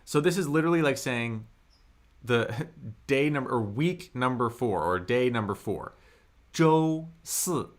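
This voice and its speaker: Upbeat man teaching on a livestream. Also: mid-range voice. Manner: upbeat, reads chat aloud, models tones slowly and loudly. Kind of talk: live online language lesson.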